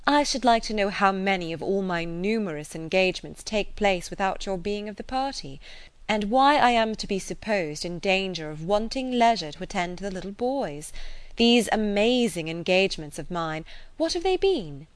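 A woman reading the part of a spirited, witty young lady who talks in an animated, teasing way. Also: mid-range voice, normal speed, smooth, no room sound, lightly acted.

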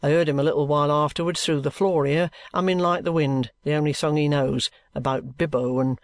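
A reader voicing a sulky, gruff young man who answers in curt, grumbling sentences. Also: mid-range voice, fairly even intonation, brisk, natural voice.

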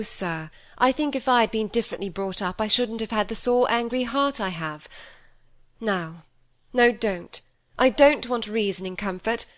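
A woman's voice: fairly high pitch, fairly bright tone, voice pushed up. A wilful young woman speaks with proud, bitter passion, put on by a woman reading a novel aloud. Her voice sits a little above the narrator's and pushes forward with some force. It is a storybook character in an audiobook.

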